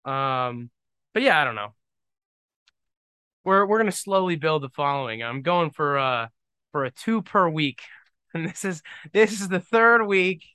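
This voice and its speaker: Bright-voiced young man rambling jokingly. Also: on the high side, lively intonation, unhurried, long pauses, smooth, no echo. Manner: rambling, self-deprecating and joking. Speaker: podcast host. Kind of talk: casual solo podcast monologue.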